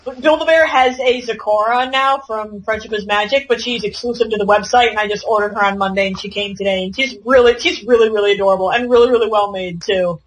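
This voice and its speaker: A woman's voice: medium pitch, fast talker, hardly any pauses, a little hiss or hum, low-quality recording. A young woman co-hosting a podcast in casual chat, rambling and repeating her words. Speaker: podcast co-host.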